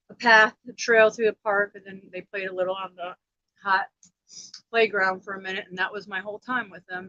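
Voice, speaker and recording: A woman's voice: medium pitch, sharp tone, no echo, highs cut off. Upset woman rambling on a livestream. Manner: rambling, emotional, repeats herself. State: upset, near tears. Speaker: livestream host. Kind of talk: emotional personal livestream.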